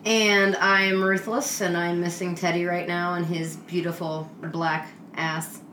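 A woman's voice: on the low side, flat delivery, a little slow, bright, forceful tone. A woman co-hosting a comedy podcast, teasing the others and giggling along. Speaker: podcast co-host. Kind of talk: casual comedic chat. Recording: roomy echo, faint hiss.

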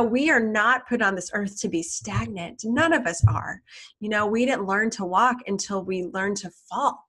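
A woman's voice: mid-range voice, a bit bright. A woman giving a casual motivational self-help talk in an earnest tone, often repeating words and asking "right?".

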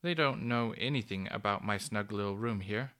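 A man voicing a kindly, lonely old female cuckoo in a storybook, with a soft, cooing, fussy, genteel manner. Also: on the low side, normal speed, smooth, close to an everyday voice. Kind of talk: storybook reading.

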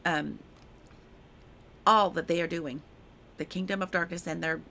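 Gravelly fervent woman preacher. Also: on the low side, steady tone, measured pace, sharp tone, slight background noise. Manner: emphatic and repetitive, fervent; chatty and informal in her own remarks. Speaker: podcast host sharing prophetic words. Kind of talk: reading a prophetic word, then devotional talk.

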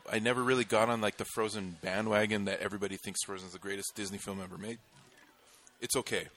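A man's voice: on the low side, a bit bright. A man co-hosting a casual chat, telling a story animatedly, laughing as he goes and using lots of fillers.

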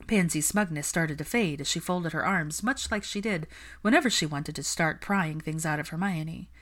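A woman narrating a fan fiction story in a steady, even reading voice, close to the microphone. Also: low-pitched, moderate pace.

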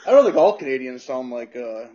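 A man hosting a casual chat, relaxed and easygoing, swearing casually as he asks questions. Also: mid-range voice, fairly quick, highs cut off, slight background noise. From United States. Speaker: podcast host.

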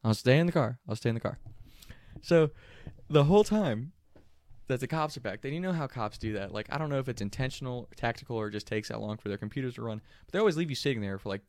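A young man telling a story casually, animated and profane, often laughing mid-telling. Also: mid-range voice, fast.

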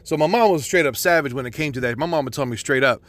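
A man's voice: on the high side, fast, fairly bright tone. A young man telling a rambling personal story, swearing constantly, with many restarts and fillers. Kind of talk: casual storytelling monologue.

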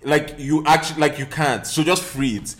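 A man's voice: a little high, normal speed, a bit bright. A man co-hosting a podcast, rambling through his points in casual banter. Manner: rambling, lots of "like" fillers. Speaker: podcast co-host.

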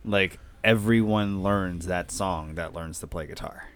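Male co-host, low voice, laid-back rambling banter. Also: a little slow, a bit bright, a little hiss or hum. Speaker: podcast co-host. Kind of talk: casual chat.

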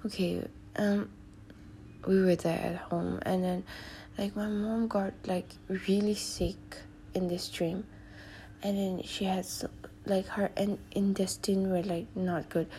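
A young woman hosting a solo podcast, telling stories casually with many fillers and sometimes dropping to a soft whisper. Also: mid-range voice, little pitch movement, slow, a little hiss or hum. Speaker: podcast host.

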